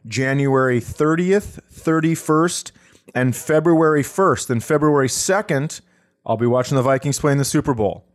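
A man hosting a comedy podcast, reading out his tour dates in casual, joking banter. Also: mid-range voice. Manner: quick, joking, laughs often. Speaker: comedian host.

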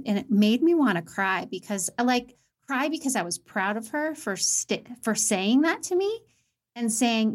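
Woman, podcast host, higher voice, earnest, storytelling. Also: animated, normal speed. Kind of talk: casual conversation.

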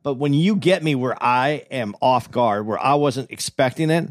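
A man's voice: mid-range voice, moderate pace, dry recording. A man who is a comedian, co-hosting a podcast in casual chat, rambling and repeating his words.

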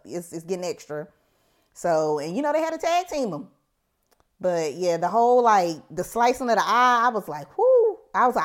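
A woman chatting casually about a TV episode, giving relaxed, slangy and opinionated reactions. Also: medium pitch. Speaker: podcast co-host.

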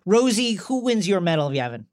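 A woman's voice: medium pitch, big pitch swings, fairly quick, darkish tone, no room sound, studio quality. A woman co-hosting a podcast, talking in a playful, casual way with frequent fillers. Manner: playful, hesitant, with many fillers. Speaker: podcast co-host. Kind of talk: casual chat.

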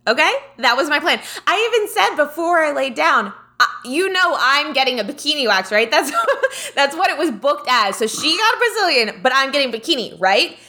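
Young female co-host, high and bright, animated casual storyteller who keeps breaking into laughter. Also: normal speed, hardly any pauses. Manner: animated, laughs often mid-sentence.

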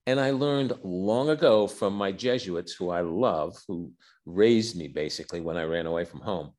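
A man's voice: sits low, moderate pace. An older man, a physician and author, telling personal stories as a podcast guest, acting out dialogue and often restarting his words. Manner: animated storyteller who acts out dialogue, with repeated starts. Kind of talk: candid interview storytelling.

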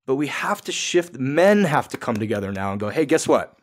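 Man, podcast guest, earnest, emphatic, coaching tone, medium pitch. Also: sing-song, fairly quick. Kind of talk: podcast interview.

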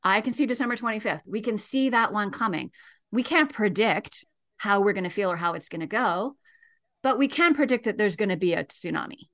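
Calm, measured middle-aged woman educator. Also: medium pitch. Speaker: grief educator. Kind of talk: radio interview guest.

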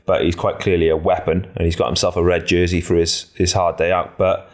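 Male pundit, very deep voice, relaxed rambling delivery with plenty of ums, easygoing podcast chat. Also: brisk. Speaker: podcast co-host, cycling pundit.

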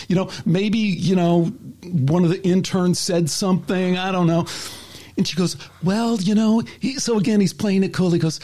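A man's voice: high voice, normal speed, dark tone. A man hosting a casual talk show, animatedly retelling a story and acting out the voices in it. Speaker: podcast host.

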